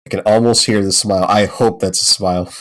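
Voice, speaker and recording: A man's voice: on the low side, fairly even intonation, a little fast, fairly bright tone. A man playing a tabletop game, teasing and easily exasperated in the banter. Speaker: player.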